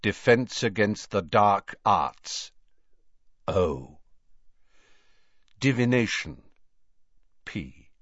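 Slow, expressive male audiobook narrator. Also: lowish voice, dry recording, muffled recording. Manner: measured, expressive storytelling. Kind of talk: scripted narration.

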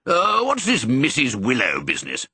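A man's voice: mid-range voice, huge pitch swings, vocal fry, bright, forceful tone, husky, no room sound, exaggerated voice. A man doing a bluff old sheepdog colonel. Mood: hearty. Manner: brisk, bluff, fatherly. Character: hearty elderly male sheepdog colonel. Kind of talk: audiobook character voice.

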